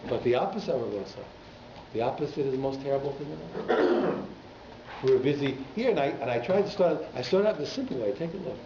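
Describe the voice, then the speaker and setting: Animated rabbi lecturing in an echoey hall. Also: male voice, medium pitch, brisk, noisy background. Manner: animated, conversational, with teasing asides to the audience. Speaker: rabbi teaching a class. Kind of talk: informal Torah lecture to a congregation. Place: synagogue hall. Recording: echoey hall, slightly muffled.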